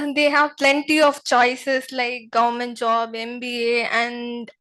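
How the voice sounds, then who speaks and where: A young woman student with an Indian English accent answers hesitantly, filling her sentences with pauses. Her voice is high and bright. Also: little pitch movement. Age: young adult. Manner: hesitant, many fillers.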